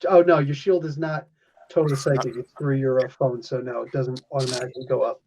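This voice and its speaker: A man's voice: mid-range voice, fairly even intonation, fairly quick, darkish tone, slight background noise. A man acting as game master, explaining the rules loosely and laughing often. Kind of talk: running a tabletop game. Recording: dull lo-fi sound.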